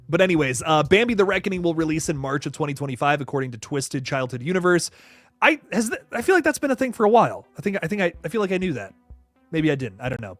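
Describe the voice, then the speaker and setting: A man chats casually as a horror news host, reading viewer comments and rambling with lots of restarts. His voice sits a little high for a man. It is recorded dry and close, with faint music in the background. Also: no room sound. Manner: animated, rambling, frequent restarts and laughs.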